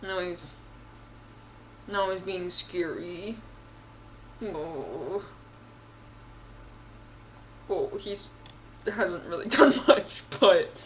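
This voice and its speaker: A woman's voice: on the low side, a bit bright, slight background noise. A young woman streamer reading a text game aloud and reacting, chatty and giggly, with a mock-indignant edge.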